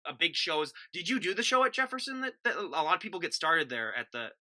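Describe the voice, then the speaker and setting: A Minnesotan man hosts a casual interview and rambles through tangents at a rapid clip. His voice is very bright and forceful, and he sounds tired after a day of work. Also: a little high, animated. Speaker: podcast host.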